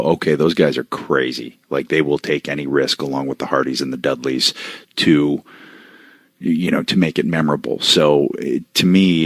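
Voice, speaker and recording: Male podcast co-host with a very deep voice. Relaxed storyteller who laughs often, on a dry close mic. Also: no room sound. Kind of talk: casual chat.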